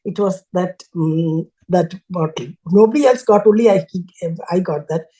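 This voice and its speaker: An older woman shares a personal devotional story as a guest. Her voice sits low and has a soft, mellow warmth. She speaks haltingly, breaking off mid-phrase and restarting as she looks for the right word. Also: low-quality recording. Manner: halting, searching for words with frequent restarts. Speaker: guest sharing a devotional testimony.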